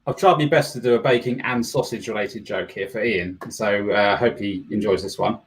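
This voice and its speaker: A man competing in a pun contest, telling prepared jokes in a relaxed, modest way. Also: on the low side, normal speed, rough recording.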